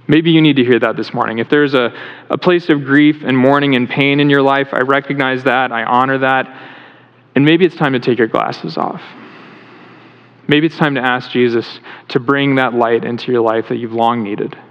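A man's voice: medium pitch, moderate pace. A male pastor giving a conversational sermon in a church, asking the congregation questions as he goes. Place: church sanctuary. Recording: reverberant hall, dull lo-fi sound.

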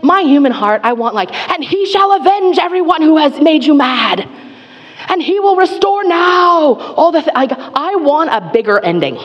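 A woman's voice: on the high side, dull audio. Chatty woman preaching in a reverberant hall. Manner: candid and chatty, frequent "like" fillers, self-deprecating asides. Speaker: preacher teaching a Psalm. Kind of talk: conversational sermon. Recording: long reverb of a large hall.

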